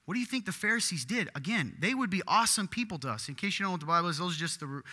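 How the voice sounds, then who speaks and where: Male pastor, fairly high bright voice, lively emphatic sermon delivery. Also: long reverb tail. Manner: animated, rising to loud emphatic bursts. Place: church.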